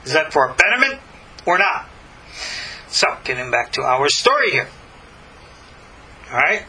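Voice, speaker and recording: A man leads a recorded Torah class with a high, lively voice. His tone is very bright and cutting. He speaks in an animated way, with folksy asides and rhetorical questions to his listeners. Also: a little slow, a little hiss or hum, low-quality recording. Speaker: Torah teacher.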